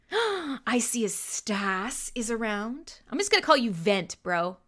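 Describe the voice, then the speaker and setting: A woman's voice: on the high side, very animated, takes it slowly, a bit bright. A Canadian woman hosting a live radio stream, chatting casually and irreverently with listeners, swearing freely and laughing often. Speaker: radio show host.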